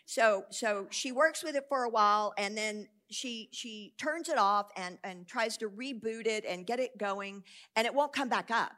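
A middle-aged woman, telling a lively testimony to an audience in a storytelling sermon style and acting out the quoted voices. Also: fairly high pitch, normal speed.

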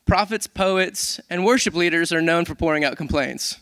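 A man who is a worship leader, giving a casual, animated sermon with self-deprecating humor. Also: a little high, moderate pace, dry recording.

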